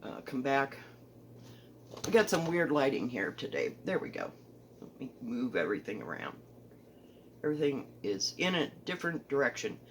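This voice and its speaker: A woman with a Southern accent, chatting casually about her stitching at home, rambling, correcting herself and often trailing off softly. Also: a bass voice, big pitch swings, moderate pace, long pauses, slight background noise, poor audio. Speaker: cross-stitch vlogger. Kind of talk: casual show-and-tell chat. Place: home, indoors.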